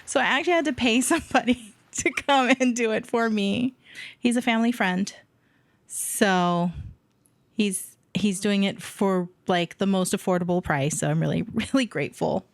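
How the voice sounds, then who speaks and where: A woman from Hawaii co-hosting a relaxed podcast, chatting casually and breaking into giggles often. Her voice sits in a middle range, and the sound is dry and close. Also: medium pitch, normal speed, vocal fry, dry recording. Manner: giggly, laughs often while talking. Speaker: podcast co-host. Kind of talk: casual chat.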